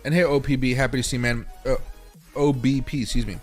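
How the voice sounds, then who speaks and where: A man's voice: mid-range voice, steady tone, quick pace, soft background music. A man hosting a casual livestream, chatting loosely, greeting viewers by name and talking to his dog between remarks. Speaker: livestream host.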